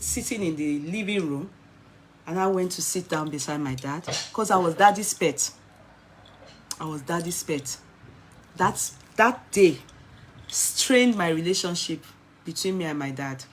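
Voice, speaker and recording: A woman in her forties with a Nigerian accent, telling a personal story in an animated way and slipping into Nigerian Pidgin. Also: fairly low pitch, slight background noise.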